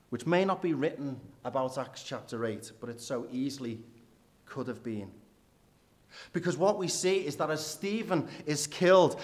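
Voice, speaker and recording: A man, preaching a sermon in church with rhetorical questions, dropping low and quiet for emphasis.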